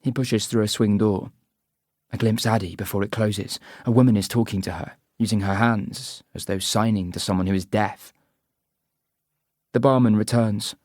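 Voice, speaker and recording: A man reading a first-person audiobook narration in an even, measured way. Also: lowish voice, dry recording, studio quality.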